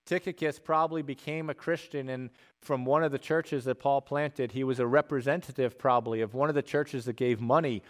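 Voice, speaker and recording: A male pastor, preaching a sermon from a church stage in a relaxed, conversational way with bits of slang. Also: medium pitch, brisk.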